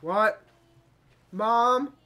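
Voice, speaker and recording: A gaming video creator gives let's play commentary, talking to the game and erupting into dramatic shouts and cries. The voice is mid-range, with words drawn out.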